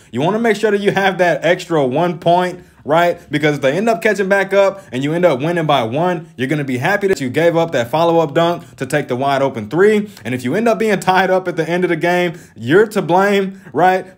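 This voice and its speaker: A man giving casual game tips as a voice-over, talking with constant "man" fillers in an exasperated, lecturing way. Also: sits high. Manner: animated, frequent "man", lecturing. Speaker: gaming YouTuber.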